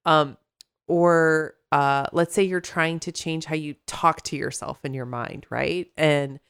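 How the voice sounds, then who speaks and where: A woman's voice: low-pitched, steady tone, slow pace, fairly bright tone, clean tone. A woman therapist co-hosting a casual podcast chat, rambling into tangents and laughing often.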